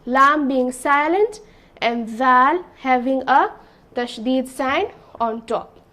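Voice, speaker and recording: A woman's voice: high voice, takes it slowly, bright, forceful tone. A woman teaching a beginner's language lesson, explaining patiently, repeating herself and checking understanding with "okay?". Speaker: Arabic teacher. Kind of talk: slow classroom explanation.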